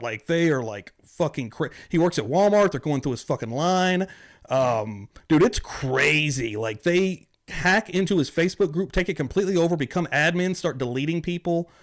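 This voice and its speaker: Rambling, swearing livestream host. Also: male voice, medium pitch. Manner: rambling, swears often, chuckles. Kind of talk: casual livestream chat.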